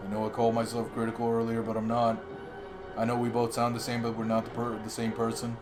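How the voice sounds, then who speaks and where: A man doing an impression of a relaxed male game streamer, with a low, casual drawl. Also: quick pace, over music, close to an everyday voice. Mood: laid-back. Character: laid-back male game streamer greeting viewers.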